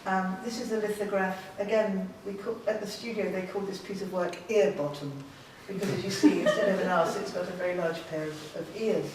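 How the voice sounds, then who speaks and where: A woman's voice: mid-range voice, fairly even intonation, brisk, few pauses, recorded from a distance, background noise. A woman artist giving an informal, enthusiastic gallery talk to an audience, chatty and self-deprecating. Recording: very echoey room, voice from afar.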